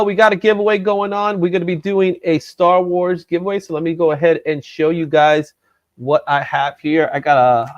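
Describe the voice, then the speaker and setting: A man's voice: a little high, dry recording. A man hosting a comic book show in a loose, joking chat, with easy laughs. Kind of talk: casual chat.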